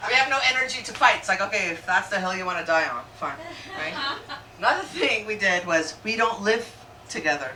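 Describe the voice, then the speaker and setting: A middle-aged woman performing stand-up in a brash, crude way, her pitch leaping up and down as she rants. The sound is echoey and distant, with loud crowd noise in the background. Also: brisk. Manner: brash, crude and animated, rising to shouted rants. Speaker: stand-up comedian. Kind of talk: stand-up comedy set. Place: comedy club stage with audience.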